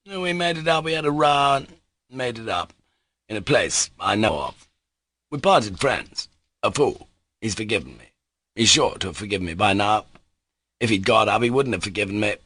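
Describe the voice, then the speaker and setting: A man voicing a reckless, excitable young nobleman in an audiobook reading, loud and exclamatory. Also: medium pitch, normal speed, dry recording, pitched above the performer's own voice, lightly acted. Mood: exuberant.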